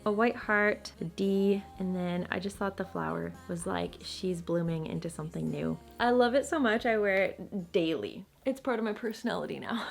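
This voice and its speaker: Bubbly young woman vlogging. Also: mid-range voice. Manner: bubbly, gushing, excitable. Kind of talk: casual vlog narration. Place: car and beach outdoors.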